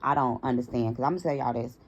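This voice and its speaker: Young woman, low voice, gravelly fry, casual storytime vlog, animated, talks straight to viewers. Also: fast, lo-fi sound, slight background noise. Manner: animated, talks straight to her audience, acts out quoted dialogue. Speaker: storytime vlogger.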